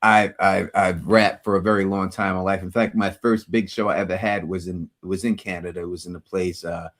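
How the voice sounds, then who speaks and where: Guy hosting the show, lowish voice, rambles through stories and repeats words. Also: level tone, a little fast, a bit bright. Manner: storytelling, repeats words while talking. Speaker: host. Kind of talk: casual chat.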